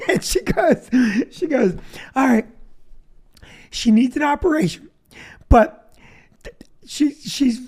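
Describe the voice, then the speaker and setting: Guy comedian hosting, high voice bouncing all over, cracks himself up telling stories. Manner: animated, laughs through his own jokes. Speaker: comedian host. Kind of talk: comedic storytelling.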